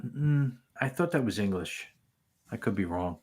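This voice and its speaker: Chill guy with a lowish voice just rambling on a livestream. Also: animated, a little slow, a little mellow, husky. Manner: easygoing, rambling. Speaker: livestream co-host. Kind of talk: casual chat reading viewer comments.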